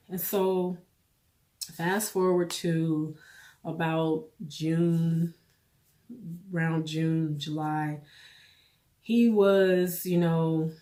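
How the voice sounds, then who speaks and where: Speaking directly to the camera in a personal vlog, a woman with a somewhat low, darkish voice fights back tears. Her words come haltingly, and she repeats phrases as she works through her story.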